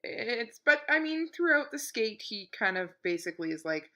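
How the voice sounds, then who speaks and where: A woman's voice: a little high, sing-song, moderate pace, hardly any pauses, sharp tone. A woman co-hosting a casual podcast chat, explaining things with lots of likes and ums. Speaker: podcast co-host.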